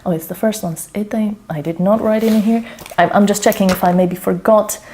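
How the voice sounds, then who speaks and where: A woman's voice: mid-range voice, fairly even intonation, fairly quick, mellow, a little hiss or hum. A woman demonstrating her language study method, hesitant and self-checking, muttering to herself while she writes by hand. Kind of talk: casual think-aloud tutorial. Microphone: camera over her shoulder.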